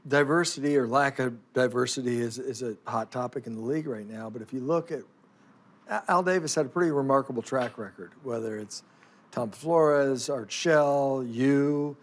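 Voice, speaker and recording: A man hosting an interview and asking casual, halting questions in a studio. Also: medium pitch. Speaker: interviewer, sports columnist.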